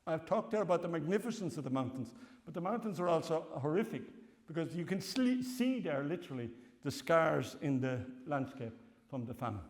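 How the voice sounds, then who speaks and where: A man's voice: a little high, a little mellow, in a large hall. Irish professor in his sixties lecturing. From Ireland. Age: 60s. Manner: anecdotal, chatty, laughs often at his own stories. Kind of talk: public lecture. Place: lecture hall.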